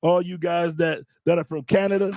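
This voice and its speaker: A man's voice: high voice, steady tone, fairly quick, darkish tone, dry recording, clean studio sound. A man with an American accent hosting a live stream, telling a loose, bawdy, joking story to his audience and acting out quotes along the way. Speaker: host.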